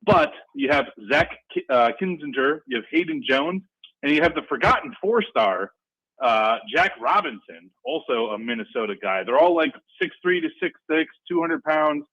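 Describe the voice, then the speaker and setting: A man calling in to a sports talk radio show, excitable and rambling, with lively jumps in pitch. The call sounds dull and lo-fi over the phone line. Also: moderate pace. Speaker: regular caller.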